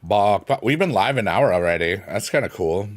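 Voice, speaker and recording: A young man rambles through a casual live stream as he plays, playful and loose. His pitch swings widely, jumping into silly high sing-song noises and dropping back to easy chat. He sounds close to a desk mic, with keyboard clicks and tapping nearby. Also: expressive, normal speed.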